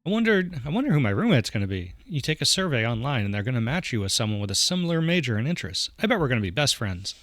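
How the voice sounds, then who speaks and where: A man voicing an excitable teenage girl who chatters eagerly to her father. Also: mid-range voice, dry recording. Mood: excited. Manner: gushing, rapid-fire chatter.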